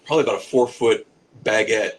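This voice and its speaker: On a podcast, a man in his forties tells a rambling, profane comic anecdote and laughs at his own jokes. His voice is on the low side and fast, captured on a low-quality recording.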